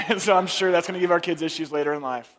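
A man's voice: a little high, quick pace, a bit bright. A man in his thirties preaching a sermon, telling a family story and acting out the voices of his wife and little daughter. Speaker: pastor.

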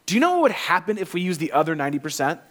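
An eager, wide-eyed young boy tumbling over his words with excitement, his voice pitched a touch high, as a man puts him on while telling a story from the pulpit. he sounds breathless, as if the news can't wait. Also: racing. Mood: excited.

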